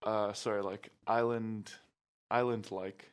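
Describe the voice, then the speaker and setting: A man's voice: fairly low pitch, moderate pace. A young man chatting casually as a podcast guest, loose and hesitant, with many fillers and restarts. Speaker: guest, pro volleyball player.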